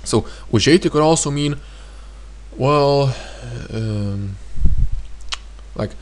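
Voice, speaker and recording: A male teacher at an ordinary middle pitch walks through each phrase, saying it over and over. He explains as he goes, pausing on fillers and thinking aloud. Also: slight background noise. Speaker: language teacher. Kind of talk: explanatory language lesson.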